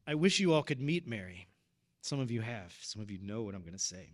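A man's voice: fairly low pitch, big pitch swings, a little fast. A man in his thirties preaching, telling a personal story in an earnest, emotional way. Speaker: deacon or preacher at a parish. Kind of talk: personal testimony in a sermon.

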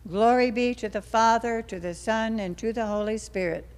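A woman leading the rosary, reciting prayers in a steady, measured rhythm with line endings that trail off softly. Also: fairly high pitch.

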